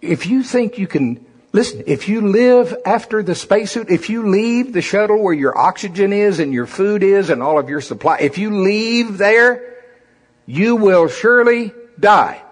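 A man's voice: high voice, expressive, unhurried, pitched above the performer's own voice. A man voicing a mission control official who gives an urgent, emphatic warning.

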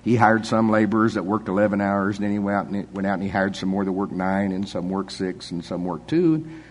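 A man's voice: on the low side, fairly quick. An older man preaching a sermon in a folksy, conversational way, chuckling often.

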